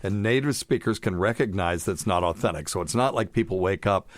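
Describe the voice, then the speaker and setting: Middle-aged guy doc rambling and joking on a podcast, lowish voice, dry close sound. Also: a little fast, no echo. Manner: chatty, jokey, wanders off topic. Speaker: podcast host, doctor. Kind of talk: casual chat.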